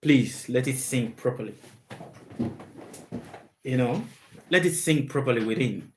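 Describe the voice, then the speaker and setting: A man's voice: medium pitch, slight background noise. Emphatic man hosting a live Q&A. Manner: slow, emphatic and repetitive, stressing words. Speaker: live stream host. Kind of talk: live Q&A monologue.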